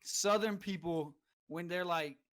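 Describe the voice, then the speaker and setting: A man telling an animated story in a casual chat, acting out what his friend said. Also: high voice, unhurried.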